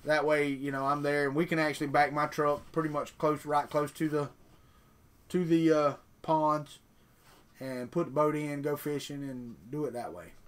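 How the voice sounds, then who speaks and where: This time the vlogger's voice sits on the high side, fairly even in intonation and at normal speed, as he tells rambling folksy stories and reads chat on his morning live stream.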